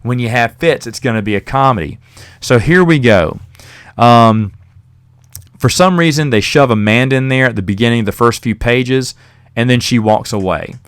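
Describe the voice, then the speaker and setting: A man's voice: medium pitch, normal speed, fairly bright tone, clear, resonant tone. A man hosting a podcast, casually reviewing a novel in a rambling, chatty way with fillers and the odd chuckle. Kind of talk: casual spoken book review.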